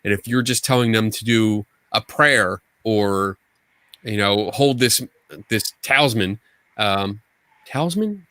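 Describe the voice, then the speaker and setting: A man's voice: fairly low pitch, steady tone, a little slow, a bit bright, clean tone, dry recording. Casual podcast co-host, a man who rambles and restarts his sentences, recorded dry and close. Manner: rambling, frequent restarts and profanity.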